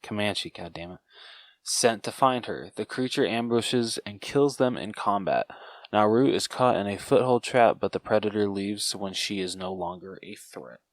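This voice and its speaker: A man's voice: on the low side, moderate pace, no room sound. A young man co-hosting a podcast, casually recapping a film's plot, stumbling over names and swearing at himself. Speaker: podcast co-host.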